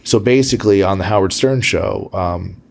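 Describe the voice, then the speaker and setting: A man with a slightly low voice hosts a podcast from a room at home. He tells long stories in casual chat, swearing freely and restarting his sentences again and again. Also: normal speed, creaky, slight background noise. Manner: profane, rambling storytelling with many restarts. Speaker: podcast host.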